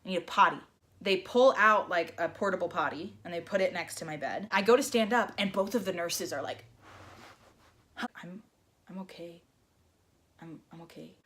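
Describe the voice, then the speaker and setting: Young woman doing a storytime vlog, super animated, plays all the voices she quotes. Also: fairly low pitch, fairly quick. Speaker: vlogger.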